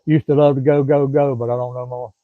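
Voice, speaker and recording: A man's voice: medium pitch, little pitch movement, fairly quick, no room sound. A middle-aged man from Florida with a Southern accent, rambling in casual live-stream chat and answering viewers by name. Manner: rambling, folksy, drawling, chats to commenters by name. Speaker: livestream host. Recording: dry, thin phone-like sound.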